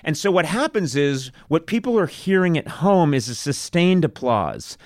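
A man's voice: a little high, sing-song, moderate pace, dry recording, clean studio sound. A man in his sixties hosting a live comedy podcast, joking, riffing and poking fun at himself. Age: 60s. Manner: joking, self-mocking and riffing. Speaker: podcast host. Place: live show on a stage.

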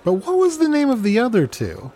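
Playful lively-voiced male host. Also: very high-pitched, fairly quick. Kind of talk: improv comedy.

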